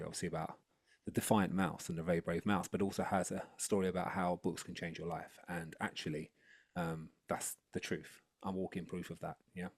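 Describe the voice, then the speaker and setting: A rapper and educational consultant talking energetically on a video call webinar, then rapping a picture book. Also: male voice, deep voice, dry recording, studio quality. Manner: energetic, upbeat, chatty. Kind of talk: webinar talk and live rap.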